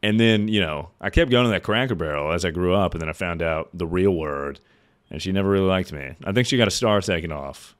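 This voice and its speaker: Young guy streamer rambling thru a story, kinda low voice, laughs and swears a lot. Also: fairly quick. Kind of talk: casual storytelling on a livestream.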